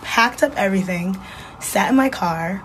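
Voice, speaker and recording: A woman's voice: mid-range voice, animated, normal speed, slight background noise, rough recording. A woman from New Jersey, a writer and poet, telling a personal story candidly and emotionally as a podcast guest, with some casual swearing.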